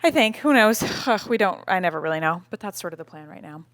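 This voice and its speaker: A woman's voice: lowish voice, lively intonation, quick pace, a bit bright, dry recording, studio quality. A woman in her late twenties co-hosting a casual podcast from home, chatty and laughing often. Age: late 20s. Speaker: podcast co-host. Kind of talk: casual chat. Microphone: podcast microphone with cover.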